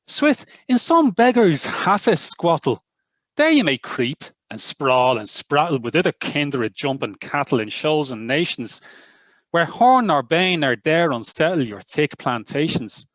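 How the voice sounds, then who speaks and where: A man's voice: on the high side, no room sound. Dublin man reciting verse. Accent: Northside Dublin. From Ireland. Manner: lively, rhythmic verse recital. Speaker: university lecturer. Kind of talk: poetry reading. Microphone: video call.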